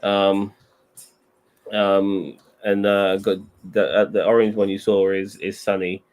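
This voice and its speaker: A man's voice: lowish voice, monotone, slow pace, a little mellow, clear, resonant tone. A man chatting casually on a show, rambling and hesitant with many fillers. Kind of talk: casual chat.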